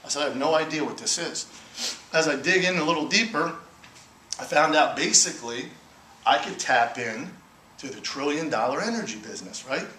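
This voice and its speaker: A man's voice: on the high side, moderate pace, echoey room, a little hiss or hum, poor audio. A man telling his business story to an audience, acting out conversations and asking "right?" often. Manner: animated storyteller acting out dialogue, frequent "right?". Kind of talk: motivational talk to an audience.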